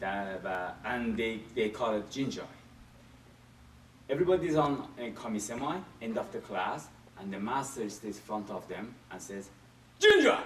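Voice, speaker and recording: A man teaching a martial arts class, explaining step by step in a halting way and repeating phrases while he demonstrates. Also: on the low side. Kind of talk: demonstration lesson. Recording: echoey room from far off, faint hiss.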